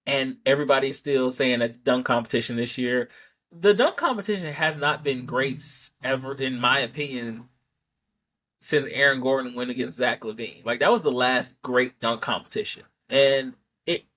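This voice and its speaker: A man hosts a casual sports podcast and talks through his opinions in a loose, off-the-cuff way. He often restarts his sentences and keeps checking in with a rhetorical "right?". His voice sits at an ordinary middle pitch. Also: normal speed, bright, forceful tone. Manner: rambling, self-correcting, rhetorical "right?" asides. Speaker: podcast host.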